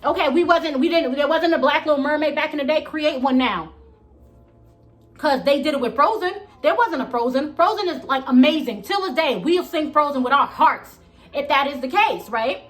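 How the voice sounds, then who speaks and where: Woman vlogger, blunt opinions, high voice, soft music beneath. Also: animated, normal speed. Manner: blunt, emphatic, repeats "okay?". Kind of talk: casual opinion commentary.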